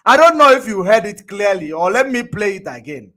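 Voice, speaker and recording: A man's voice: high-pitched, sing-song, moderate pace, sharp tone. A man with a Nigerian accent reacting to played clips, mocking and laughing, repeating himself for emphasis.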